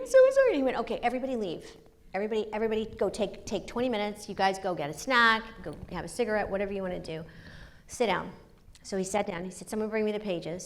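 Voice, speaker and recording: A woman, telling lively stories as a guest in an onstage conversation. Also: medium pitch, creaky. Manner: animated, laughing storyteller. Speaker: guest author. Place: university auditorium.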